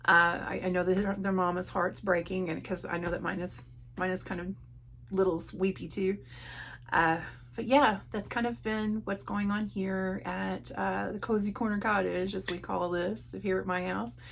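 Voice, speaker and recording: Gravelly-voiced middle-aged woman chatting casually at home. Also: mid-range voice, steady tone, normal speed, fairly bright tone, a little hiss or hum. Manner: chatty and meandering, with many fillers and restarts. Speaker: book channel host. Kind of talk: casual catch-up chat.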